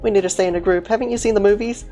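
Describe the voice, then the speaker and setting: A woman's voice: mid-range voice, steady tone, racing, dark tone, soft background music, pitched above the performer's own voice, close to an everyday voice. A woman voicing a nervous, panicky game character who stammers frantically. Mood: panicked.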